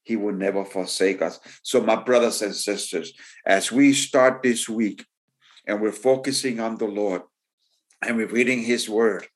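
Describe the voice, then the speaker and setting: A man's voice: on the low side, a little slow. A man preaching a sermon with growing fervor. He repeats his phrases, stumbles into restarts and breaks into exclamations. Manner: repetitive, building fervor with exclamations.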